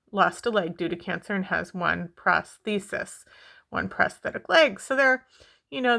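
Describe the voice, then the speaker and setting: A woman talks through a book she loved in a casual, chatty review. Her voice is bright and forward, and her pitch sits in a middle range. She rambles, restarts her sentences and fills gaps with "um," while retelling the story playfully.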